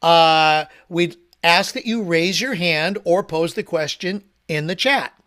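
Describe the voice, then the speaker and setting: A man's voice: fairly high pitch, slow, sharp tone. A man co-hosting a live video call, giving plain step-by-step instructions to the viewers. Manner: instructional, then showman build-up. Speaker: co-host introducing the speaker.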